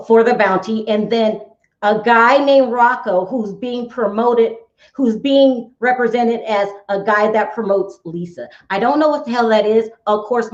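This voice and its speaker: A chatty woman hosts a gossip show, exclaiming often and talking straight to her viewers. Her voice sits a bit high. The room is echoey and the sound is somewhat dull. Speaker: YouTube gossip show host. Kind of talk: casual gossip commentary.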